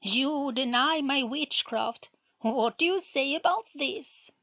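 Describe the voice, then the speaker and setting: A squeaky, scornful witch master who leads a small cult, sneering and threatening, as a woman puts him on in her higher register. The voice is bright and thin. The recording sounds muffled and lo-fi. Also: slow pace, full character voice. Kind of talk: storybook reading.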